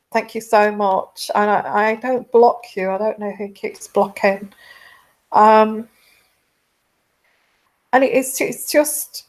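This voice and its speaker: A woman gives a chatty tarot reading at a slow, unhurried pace. She rambles and often stops to restart her sentences. Her voice sits at a middle pitch. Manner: rambling, halting, many restarts. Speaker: tarot reader. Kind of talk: casual intuitive reading chat.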